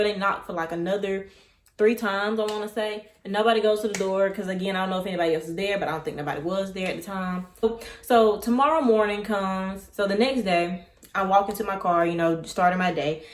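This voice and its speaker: A woman's voice: mid-range voice, fairly quick. A young woman telling a story in a casual, chatty way that wanders off on tangents as she relives what happened. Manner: chatty, digressive, animated retelling. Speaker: vlogger. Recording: echoey room.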